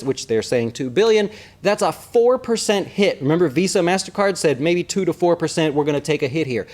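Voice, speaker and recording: An animated investment advisor with a slightly raised pitch hosts an investing show, giving casual stock market commentary straight to his viewers. He keeps checking in with a quick "right?".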